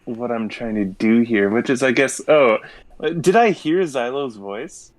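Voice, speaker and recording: A man's voice: mid-range voice, unhurried, dry recording. A man playing a tabletop game, thinking aloud and hesitant. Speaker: player. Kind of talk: casual tabletop play.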